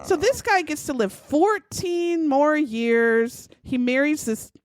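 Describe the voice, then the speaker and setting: A woman's voice: high-pitched, takes it slowly, no room sound. A woman co-hosting a podcast, telling a crime story in casual chat with outraged, profane asides. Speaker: podcast co-host.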